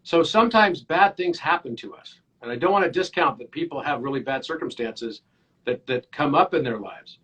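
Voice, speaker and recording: A man in his fifties, a podcast guest, talking earnestly and telling animated stories. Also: on the high side, moderate pace, husky, low-quality recording. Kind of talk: casual interview chat.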